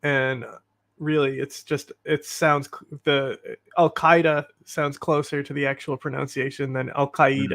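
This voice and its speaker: Bright-voiced man, blunt commentary. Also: mid-range voice, little pitch movement, measured pace, gravelly. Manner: opinionated, blunt, rambling. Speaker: livestream host. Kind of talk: casual news commentary.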